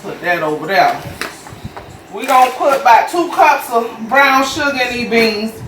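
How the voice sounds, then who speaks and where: Heard from a distance in a roomy home kitchen with a faint hum, a host with a mid-range, expressive voice speaks unhurriedly. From Jacksonville, Florida, and with a Southern US accent, they guide viewers, addressed as y'all, through a recipe step by step in a folksy, casual demonstration.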